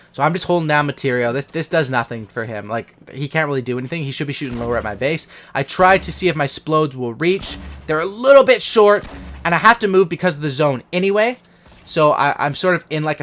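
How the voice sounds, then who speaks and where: A man's voice: a little high, a bit bright. Hyped young man giving game commentary. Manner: hyped, casual gamer talk. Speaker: gaming channel host. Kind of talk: post-game commentary over gameplay.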